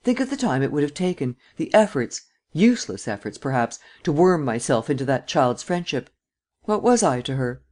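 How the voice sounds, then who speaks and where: A man doing a calm, cunning gentleman thief. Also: fairly high pitch. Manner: calm, measured, drily ironic. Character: cool, cunning master thief, self-assured gentleman. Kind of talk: audiobook reading.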